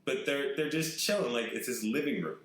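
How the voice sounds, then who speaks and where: A man's voice: mid-range voice, a little fast, fairly bright tone, roomy sound, low-quality recording. A man hosting a podcast, telling rambling stories in casual chat and swearing freely. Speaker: podcast host.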